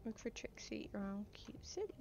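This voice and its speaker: A woman's voice: on the high side, sing-song, moderate pace, darkish tone. A woman casually commenting on a game she plays, chatty and playful, reading the dialogue aloud as she goes. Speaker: gamer. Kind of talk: casual let's-play commentary. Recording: dull lo-fi, faint noise.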